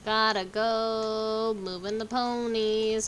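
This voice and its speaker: A woman's voice: mid-range voice, measured pace, pushed and bright, slight background noise. A young woman streaming a game, humming tunelessly as she plays and making dry, sarcastic remarks. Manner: hums along while playing, dry and sarcastic. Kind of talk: casual gameplay chat.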